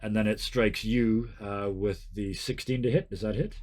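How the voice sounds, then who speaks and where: A man's voice: lowish voice, steady tone, moderate pace, a little mellow. Easygoing male game master narrating combat. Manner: casual, laughing, sniffs between phrases.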